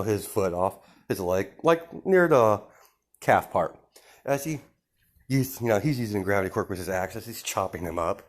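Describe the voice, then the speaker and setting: A man casually improvising a fan story, rambling with many fillers and restarts. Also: lowish voice.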